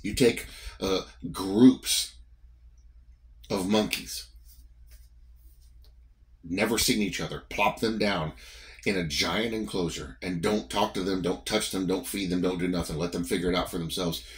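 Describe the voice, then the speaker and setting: A man's voice: deep voice, steady tone, measured pace, long pauses. A man with a Southern US accent giving a morning devotion, preaching in an emphatic, repetitive, conversational way. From American South.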